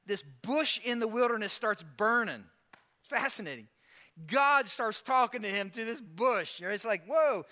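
Pastor guy preaching, high bright voice, acts out the bible folks as he goes. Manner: animated, acts out Bible characters in quick asides. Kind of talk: sermon.

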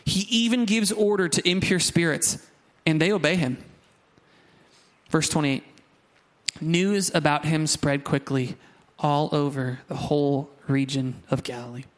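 Animated preacher, fairly high voice. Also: male voice, a little slow, pauses often. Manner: animated, conversational preaching with asides to the congregation. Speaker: pastor. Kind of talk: sermon.

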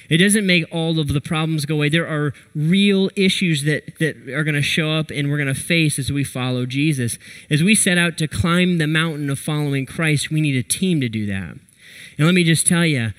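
Man preaching with a lively story. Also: on the high side. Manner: animated storyteller, acts out his own quotes. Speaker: pastor. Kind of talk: sermon with personal story.

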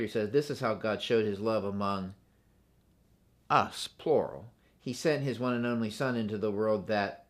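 A man preaching a sermon in a church, earnest and repetitive, often asking the congregation questions. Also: fairly low pitch. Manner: earnest, asks the congregation questions, repeats phrases. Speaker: pastor.

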